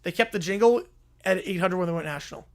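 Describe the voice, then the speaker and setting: A man's voice: high-pitched, quick pace. A man streaming live, chatting casually and thinking aloud in an offhand way.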